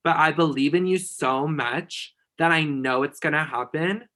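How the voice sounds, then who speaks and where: A man's voice: a little high, unhurried, bright, forceful tone. A man guest on a podcast, chatting casually and giving emphatic, effusive encouragement. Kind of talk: casual chat.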